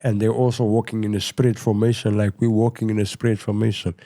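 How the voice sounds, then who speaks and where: A middle-aged South African man telling his story in a casual interview, rambling and full of "you know," going quieter at tense moments. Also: on the low side, flat delivery, fairly quick. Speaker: podcast guest.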